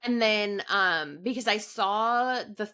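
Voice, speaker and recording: A woman's voice: mid-range voice, slow pace, sharp tone, smooth. A woman co-hosting a podcast in casual chat, recapping in a rambling way full of "like" and "um". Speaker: podcast co-host.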